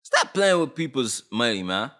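A man's voice: mid-range voice, very animated, normal speed, pushed and bright. A young man from Canada ranting on camera about a law, agitated, blunt and full of slang. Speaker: vlogger. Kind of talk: heated opinion rant.

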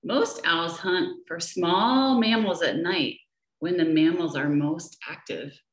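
A woman with a lowish voice, a children's nature program educator, slowly reads a picture book aloud to young children. She is gentle and asks the kids questions along the way. It's captured on a laptop or webcam for a video session, in an echoey room.

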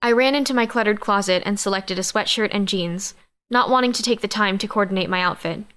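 A woman narrating a first-person audiobook in an even, measured reading. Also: mid-range voice, clear, resonant tone.

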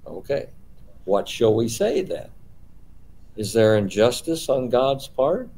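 A man's voice: medium pitch, sing-song, slow, dark tone, husky, rough recording. A man leading a small-group Bible study, explaining patiently and posing rhetorical questions.

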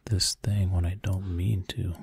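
Male ASMR whisperer: deep, slow, fretful muttering into a close mic. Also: little pitch movement, gravelly, darkish tone, slightly rough, no room sound. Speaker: ASMR creator. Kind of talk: whispered ASMR gameplay commentary.

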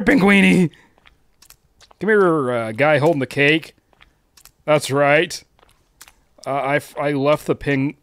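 A man commentating live as he plays a game, excitable and teasing the other players. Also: mid-range voice. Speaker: streamer.

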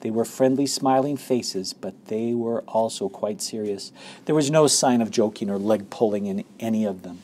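Mellow man reading a children's book. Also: mid-range voice, normal speed, slight background noise. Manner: expressive read-aloud with occasional slips. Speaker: reader.

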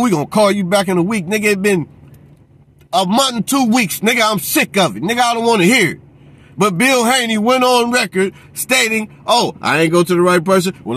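Guy going off about boxing, high voice, cussing, aave, keeps saying he's sick of it. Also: fairly bright tone. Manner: profane, repeats a catchphrase, mocks others in put-on voices. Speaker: boxing commentator. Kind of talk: heated rant.

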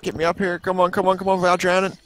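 A man's voice: sits high, completely flat delivery, very fast, fairly bright tone. A young man playing along in a casual gaming session, swearing freely and talking through his own struggles. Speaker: co-player. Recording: noisy recording.

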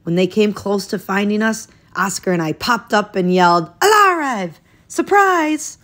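A woman's voice: mid-range voice, steady tone, normal speed. A woman reading a children's picture book aloud, lifting her voice expressively as each new day in the story begins.

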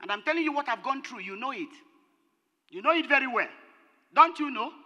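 A woman pastor preaching an impassioned sermon, rising to shouted peaks and dropping low. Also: lively intonation, a little fast. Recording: long hall reverb.

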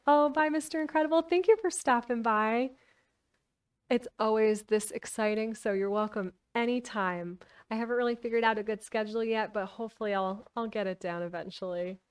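A woman's voice: fairly high pitch, a little fast, clean tone, distant mic. A woman streaming a live book reading, narrating and chatting casually with her viewers. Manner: chatty, laughs often. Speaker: streamer reading a novel aloud.

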